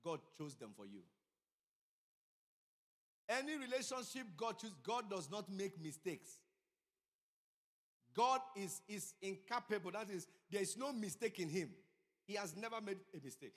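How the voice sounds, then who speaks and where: High-voiced pastor preaching in a hall. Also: male voice, very animated, measured pace, pauses often, fairly bright tone. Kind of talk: sermon. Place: church sanctuary. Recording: long hall reverb.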